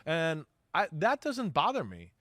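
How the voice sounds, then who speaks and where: A middle-aged man with a fairly high voice breaks down football as an analyst on a sports talk show. He talks in an animated way, slips into quoted voices and keeps tossing in "right?". The sound is close and dry. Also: a little slow, dry recording. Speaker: sports analyst, former NFL player.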